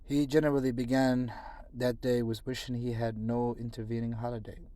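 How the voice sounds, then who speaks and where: A man narrating a classic novel as an audiobook, with measured storytelling and dramatic pauses. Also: medium pitch, flat delivery, warm tone. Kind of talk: scripted narration.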